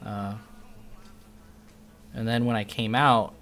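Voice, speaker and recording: A male streamer telling a long story in casual chat, rambling and swearing freely, and jumping into animated voices when he quotes people. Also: fairly low pitch, slow pace, slight background noise.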